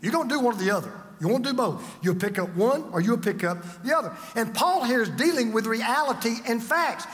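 Older pastor preaching in a big hall. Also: male voice, extremely high pitch, animated, a little fast, hardly any pauses. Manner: dramatic preacher, swinging from loud to hushed. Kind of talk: sermon.

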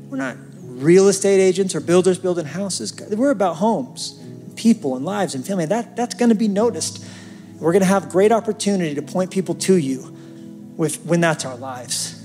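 A man's voice: high-pitched, lively intonation, normal speed, mellow, soft background music. A man preaching a sermon as pastor, telling a story and building to fervent calls to the congregation.

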